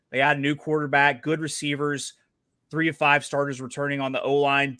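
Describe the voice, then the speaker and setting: A man's voice: mid-range voice, bright, forceful tone, clear, resonant tone, dry recording, studio quality. A man hosting a casual sports betting chat, talking in a chatty, playful way with frequent fillers. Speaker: podcast host.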